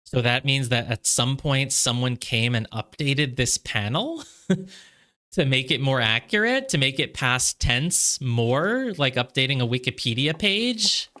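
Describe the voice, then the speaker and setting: Male let's-player with a mid-pitched voice, rambling and reflective, heavy on "like" fillers and soft laughs. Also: animated, unhurried. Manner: musing aloud, heavy on "like" fillers. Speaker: gamer playing through a game. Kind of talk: casual let's-play commentary.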